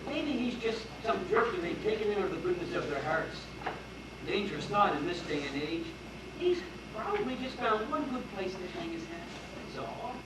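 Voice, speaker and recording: A man playing a pompous young gentleman from a proud family, speaking in a huffy, self-important way on stage. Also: high voice, very animated, normal speed, heavy background noise. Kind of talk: amateur stage acting. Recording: distant stage voice in echoey hall.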